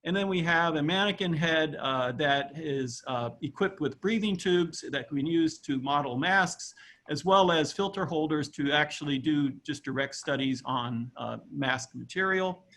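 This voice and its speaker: A slightly high-voiced man walks through research slides like a lecturer. He hesitates often, filling gaps with "uh" and restarting phrases as he goes. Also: fairly bright tone. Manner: halting, many "uh" fillers and restarts. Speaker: university scientist presenting a research project. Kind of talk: recorded slide presentation.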